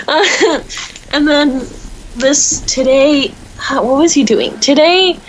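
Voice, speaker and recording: A woman's voice: sits high, takes it slowly, slight background noise, poor audio. A teenage girl co-hosting a casual podcast, telling a long rambling story full of fillers. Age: teens. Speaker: podcast co-host. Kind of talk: casual chat.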